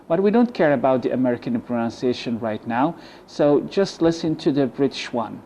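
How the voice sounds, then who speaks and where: Male English teacher, dark voice, patient word-by-word drilling, lo-fi recording. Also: a little high, expressive, slight background noise. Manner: repeats model words slowly, switching between English and Arabic. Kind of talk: pronunciation lesson. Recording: dull lo-fi sound.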